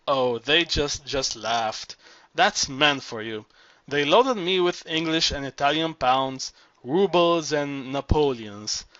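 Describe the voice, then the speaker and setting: A man's voice: fairly high pitch, fairly bright tone, dry recording. A male audiobook reader voicing an aging, vain former cabaret singer who boasts theatrically, on a dull, dry recording.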